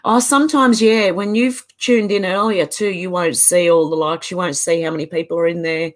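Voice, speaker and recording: A woman's voice: on the low side, steady tone, normal speed. A woman with an Australian accent hosting a casual livestream, chatting and laughing as she reads viewer comments aloud. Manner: chatty, laughs often, Aussie slang. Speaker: livestream host.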